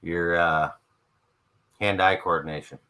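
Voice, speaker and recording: A man's voice: sits low, fairly even intonation, a little slow, pushed and bright. A man co-hosting a livestream, chiming in with brief asides and agreement in casual chat.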